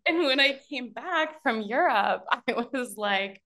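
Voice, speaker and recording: A woman who mentors on business and mindset tells her story as a podcast guest, chatting casually with lots of fillers, restarts, and bursts of laughter. Her voice is on the high side, bright and forceful, and she talks slowly with few pauses.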